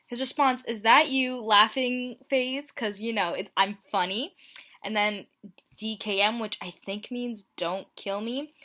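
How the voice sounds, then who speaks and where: Bright, playful woman reading dating messages. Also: on the high side. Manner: playful, self-mocking, reads messages aloud. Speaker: YouTuber. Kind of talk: casual vlog commentary. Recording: home mic, plain audio quality.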